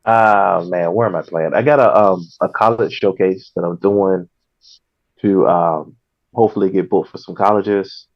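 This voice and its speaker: A male comedian guest chatting casually on a podcast, laughing often and trailing off in a relaxed way. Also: low-pitched, normal speed. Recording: dull lo-fi sound.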